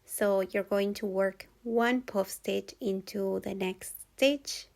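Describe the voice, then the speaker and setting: In a crochet tutorial voice-over, the instructor speaks with vocal fry, calmly and patiently, at a slow, even pace and middle pitch. She often repeats a step so it can be followed.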